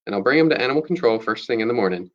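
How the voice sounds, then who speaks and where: A man reading the lines of a gentle, tired grandmother in her sixties who jokes softly. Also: medium pitch, expressive, rapid-fire, highs cut off, lightly acted.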